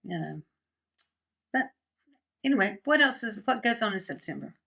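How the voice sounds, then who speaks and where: Middle-aged woman, gravelly low-end fry, rambling casual chat, laughs a lot. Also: lively intonation, moderate pace, bright, forceful tone. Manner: chatty, rambling, laughs often. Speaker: podcast co-host. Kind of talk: casual chat over wine.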